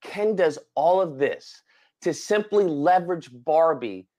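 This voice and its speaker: Animated high-voiced man retelling a movie. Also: unhurried. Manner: animated storytelling with dramatic exclamations. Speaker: podcast co-host. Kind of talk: casual chat.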